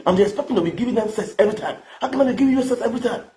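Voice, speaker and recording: A man's voice: very high-pitched, rapid-fire, mellow, a little hiss or hum. A man with a Nigerian accent ranting to camera in a boastful, crude, mocking way, repeating his phrases. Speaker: vlogger.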